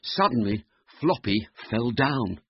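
A man reading a children's picture book aloud in a slow, lively, expressive way. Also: medium pitch, a little hiss or hum. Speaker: storyteller. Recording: dull, muffled recording.

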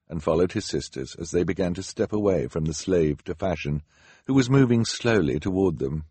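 A man narrating a storybook with expressive, dramatic storytelling. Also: deep voice, normal speed, slightly rough, no room sound. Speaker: audiobook narrator. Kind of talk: scripted narration.

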